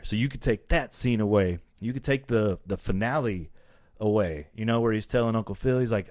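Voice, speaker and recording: A man hosting a casual podcast, telling stories in an animated way and acting out the quotes. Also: lowish voice, a little fast, no room sound, studio quality. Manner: animated storyteller, acts out quotes. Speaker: podcast host. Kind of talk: casual chat.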